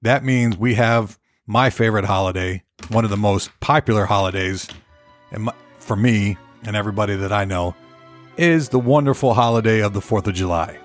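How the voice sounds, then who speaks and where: A man's voice: fairly low pitch, normal speed, soft background music. A man hosting his own podcast, rambling casually and cursing, often repeating himself as he goes. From United States. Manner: rambling, profane, repeats words. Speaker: podcast host.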